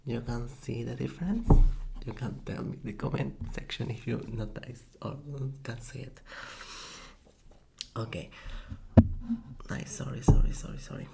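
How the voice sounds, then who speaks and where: Slow, gravelly soft-spoken man. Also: mid-range voice, a little hiss or hum. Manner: halting, self-correcting, with soft laughs. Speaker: ASMR language tutor. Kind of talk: soft-spoken ASMR lesson. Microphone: USB desk microphone.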